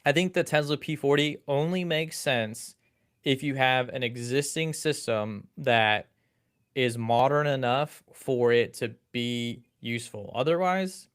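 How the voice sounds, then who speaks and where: A man's voice: mid-range voice, measured pace, fairly bright tone, smooth. A man co-hosting a tech podcast, easygoing and casual, often searching for words and repeating himself. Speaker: podcast co-host.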